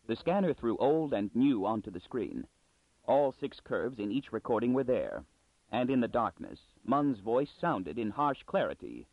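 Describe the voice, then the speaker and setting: Brief: male narrator, lively storytelling pitch, dry and phone-thin recording. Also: normal speed, dry recording. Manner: expressive reading with animated pitch. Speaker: audiobook narrator. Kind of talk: scripted narration. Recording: dry, phone-like narrow sound.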